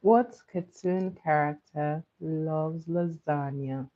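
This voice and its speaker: A young woman hosting a casual cartoon trivia quiz, who laughs often and repeats her questions slowly. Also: low voice, fairly even intonation, lo-fi sound. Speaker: quiz host.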